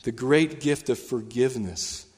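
A male pastor delivering a sermon in a church sanctuary, with a voice of middle pitch. He preaches with animation, swelling higher and louder when he retells a scene. A long reverb trails each phrase. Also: unhurried, slightly rough.

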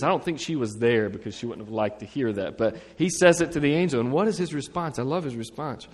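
A male pastor preaching in a relaxed, conversational style, mixing scripture with humorous asides. His voice sits in the middle range and carries a long reverberant tail, as if spoken into a large hall. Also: mid-range voice, fairly quick, hardly any pauses. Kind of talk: sermon.

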